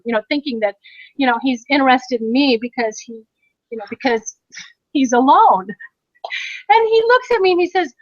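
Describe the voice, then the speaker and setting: A high-pitched middle-aged American woman tells a long story in a chatty way, laughing often. Her voice comes across dry and a little dull, like a lo-fi recording. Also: normal speed, pauses often, a bit bright, no room sound. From United States. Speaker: podcast co-host. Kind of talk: casual chat.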